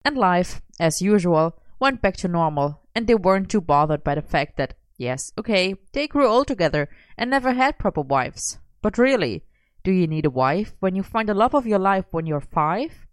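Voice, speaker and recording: A woman reading a story aloud in a lively storytelling manner. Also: on the low side, normal speed, no echo. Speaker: reader.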